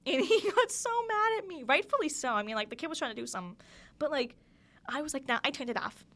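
Young female podcast host, slightly high voice, chatty and giggly storytelling. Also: expressive, fast, a bit bright. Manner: chatty, giggly, lots of "like" fillers. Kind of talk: casual storytelling monologue.

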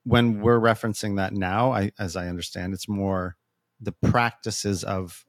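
Low-voiced male podcast co-host, explanatory, dry sound. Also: steady tone, measured pace, no room sound. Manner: explanatory, with frequent restarts. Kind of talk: casual podcast discussion.

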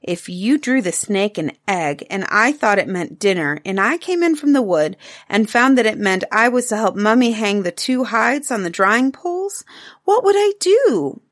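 A woman's voice: mid-range voice, sing-song, normal speed, lightly acted. Patient playful caveman father read by a woman, explaining step by step, storybook voice.

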